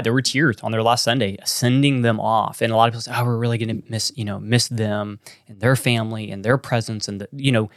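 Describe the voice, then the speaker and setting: A man's voice: mid-range voice, no echo. A Texan man talks about his church in an earnest, meandering way. He circles back and restarts his sentences as he thinks aloud. His voice sounds close and dry, with no room around it. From Texas. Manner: earnest, rambling with many restarts and fillers. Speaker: church planting pastor. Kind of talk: casual podcast conversation.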